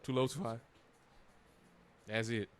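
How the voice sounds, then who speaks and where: A man's voice: mid-range voice, steady tone, slow pace. A man co-hosting a casual podcast chat, rambling and restarting his sentences, with loose slang. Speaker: podcast co-host.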